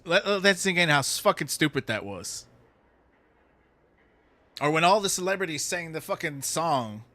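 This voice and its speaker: A man's voice: a little high, very animated, normal speed, sharp tone. A man streaming a game, ranting heatedly with lots of swearing. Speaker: gaming streamer. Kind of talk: ranting commentary while playing a game.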